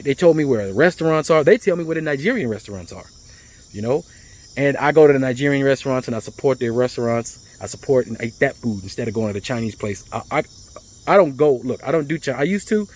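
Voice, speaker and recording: A man, talking in a rambling, casual storytelling monologue, repeating words and getting animated as he tells his stories. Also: medium pitch. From United States. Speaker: vlogger.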